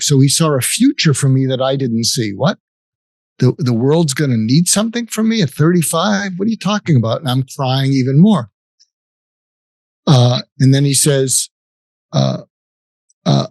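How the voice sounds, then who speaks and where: An older man, a psychiatrist, recounting a personal story in an interview, reflective and halting with restarts. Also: mid-range voice, a little mellow, no echo.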